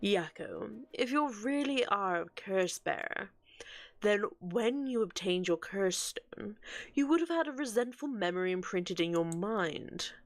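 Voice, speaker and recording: A woman reading game dialogue aloud for an earnest, scholarly male occult researcher, with a measured, explanatory delivery. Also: mid-range voice, lively intonation, no room sound.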